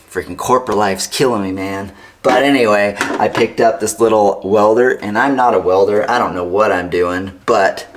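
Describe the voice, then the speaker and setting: A man in a home garage, chatting casually and thinking aloud as he works on a project. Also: on the low side. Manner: relaxed, chatty, thinking aloud while working. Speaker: DIY vlogger.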